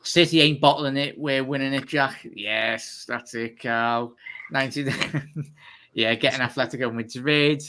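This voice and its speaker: A man hosting a fan live stream, talking fast and giving chatty shout-outs. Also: medium pitch, fairly even intonation. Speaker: fan channel host. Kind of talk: live stream sign-off chat.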